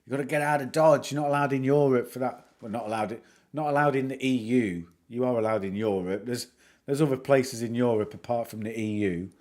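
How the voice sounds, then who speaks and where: A middle-aged man with a Northern English accent, talking casually on a livestream in a mid-pitched voice. He rambles from one aside to the next, mocking himself as he goes, while soft chill music plays in the background. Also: a little fast. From England. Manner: chatty, rambling, self-mocking jokes. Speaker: livestream host.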